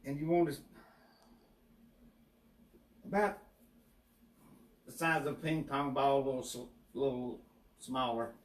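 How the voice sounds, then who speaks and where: A man's voice: medium pitch, unhurried, long pauses. A man with a Southern US accent giving an easygoing, step-by-step home cooking demonstration in his kitchen. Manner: folksy, easygoing, explains step by step. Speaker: home cook, co-host. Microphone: distant mic. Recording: echoey kitchen with far-off mic and faint hiss.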